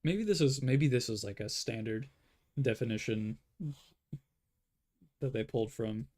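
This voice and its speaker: A man's voice: medium pitch, unhurried, darkish tone. A man talking to himself in a rambling way as he draws, giving casual commentary. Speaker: artist.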